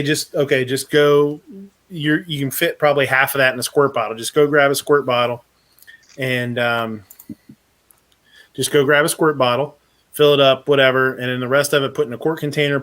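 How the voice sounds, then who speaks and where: A man's voice: medium pitch, fairly even intonation, a little fast, fairly bright tone. A man hosting a casual live chat, telling a rambling story full of swearing and laughter. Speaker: podcast host.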